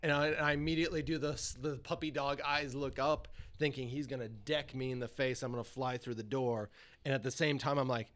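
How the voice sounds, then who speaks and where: A man's voice: medium pitch, fairly even intonation, a little fast, a bit bright. A young man, a podcast guest, telling a story casually and animatedly, swearing and laughing as he goes.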